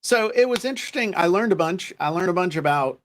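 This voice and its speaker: A man's voice: sits high, animated, fast talker, a bit bright, slight background noise. A man co-hosting a show, telling stories in a casual, joking chat. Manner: joking storyteller, self-deprecating. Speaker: co-host.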